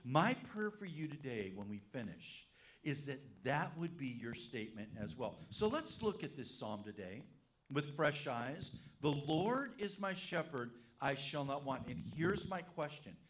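A man's voice: medium pitch, measured pace. A man, a pastor, preaching a sermon to his congregation, telling stories and asking the room questions. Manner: animated storytelling, asks the congregation questions. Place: church service.

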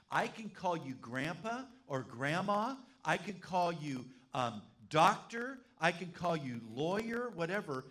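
A male pastor delivers a sermon, his fairly high voice rising and falling with animated energy. He tells stories and asks the congregation questions. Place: church service.

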